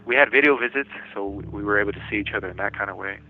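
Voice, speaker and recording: This is a phone interview with an incarcerated American man sharing his life story over a tinny prison line. He has a fairly low voice, talks in fast bursts with frequent restarts, and breaks into laughter at times.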